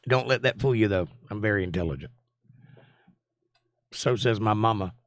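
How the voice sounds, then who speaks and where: A man's voice: fairly low pitch, moderate pace, no echo, studio quality. A man in his forties with a Southern US accent, hosting a livestream and chatting in a folksy way with viewers. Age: 40s. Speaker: host. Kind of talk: casual livestream chat.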